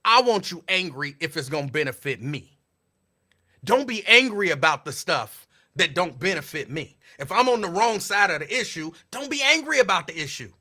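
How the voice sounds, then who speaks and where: A man, talking as a host in casual, sarcastic commentary. His voice is high and very bright. He swings his pitch widely as he repeats his points like a sermon. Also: sing-song, moderate pace. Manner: preachy, repetitive, sarcastic.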